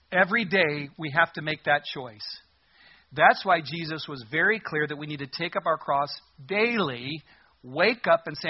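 A man's voice: a little high, moderate pace, husky. A man preaching a sermon in an earnest, emphatic way, repeating words to drive points home. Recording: dull lo-fi recording.

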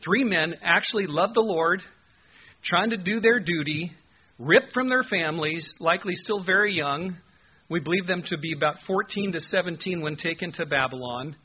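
A man's voice: a little high, moderate pace, husky, dull audio. A man preaching an expository sermon, earnest and emphatic, asking his listeners rhetorical questions. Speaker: pastor.

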